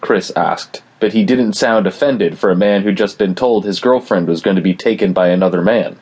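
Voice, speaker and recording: A man giving steady scripted audiobook narration, reading a novel and voicing its dialogue quietly. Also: deep voice, moderate pace, husky, dry recording.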